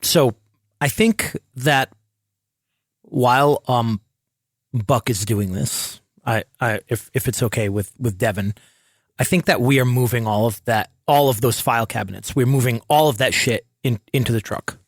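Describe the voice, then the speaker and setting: A man playing in a tabletop role-playing game, narrating his character's scene in a slow, halting way. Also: medium pitch, no room sound, clean studio sound. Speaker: player.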